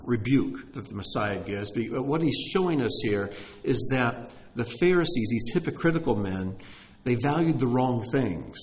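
A man preaching a sermon in a conversational teaching tone, with emphatic rises and frequent restarts. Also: mid-range voice.

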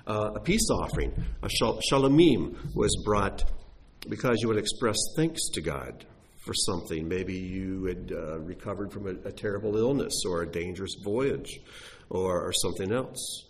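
A man's voice: low voice, moderate pace, a little hiss or hum. A man preaching a sermon, teaching from scripture with emphatic rhetorical questions. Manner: animated, rising and falling with emphasis, rhetorical questions.

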